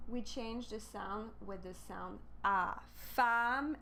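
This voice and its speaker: A woman's voice: fairly high pitch, fairly bright tone, slight background noise. A woman with a French accent, teaching a live online language lesson and spelling words out letter by letter.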